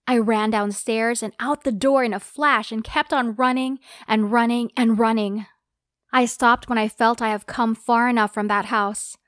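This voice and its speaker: A woman's voice: on the high side, steady tone, moderate pace, fairly bright tone, no room sound, studio quality. A woman narrating a dramatic first-person story in an earnest, dramatic telling.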